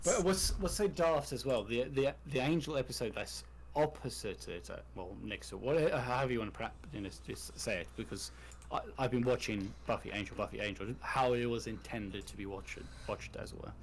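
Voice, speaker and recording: A man's voice: medium pitch, a little fast, slight background noise, low-quality recording. A man chatting casually on a podcast about a TV show, frank and freely swearing. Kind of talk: casual TV discussion chat.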